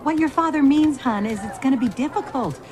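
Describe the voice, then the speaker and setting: An actress playing a sweet middle-aged rabbit farmer mom in an animated film, gentle and motherly. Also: sits high, brisk, lightly acted.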